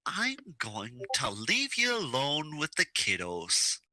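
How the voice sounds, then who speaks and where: A man's voice: fairly high pitch, huge pitch swings, slow pace, sharp tone, dry recording, pitched above the performer's own voice, heavily acted. Man putting on a stern scolding wife. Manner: scolding, sarcastic menace.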